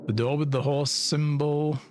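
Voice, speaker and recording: A man's voice: a little high, fairly even intonation, unhurried, a little mellow, slight background noise. A man streaming a video game, chatting casually and thinking aloud with frequent laughs. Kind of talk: casual let's-play commentary.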